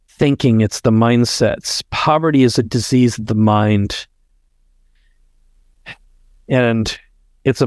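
A middle-aged man speaks as a podcast guest, telling a heartfelt story in an earnest, conversational way. He acts out bits of dialogue as he goes. His voice sounds close and dry, with no room echo. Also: medium pitch. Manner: earnest, heartfelt, tells stories with quoted dialogue.

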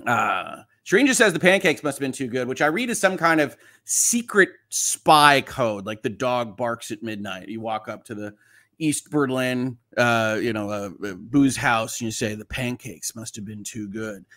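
A man hosting a casual livestream reads viewer comments aloud and answers each one in turn, sounding reassuring and joking along the way. His pitch sits in the middle of the male range, and he's expressive at normal speed, his loudness swinging from soft asides to emphatic lines.

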